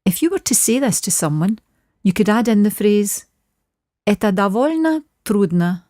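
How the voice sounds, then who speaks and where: A woman teaching a short scripted language lesson, saying phrases slowly and clearly for learners to repeat. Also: mid-range voice, lively intonation, dark tone, no echo, clean studio sound. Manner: clear, slow modelling of phrases.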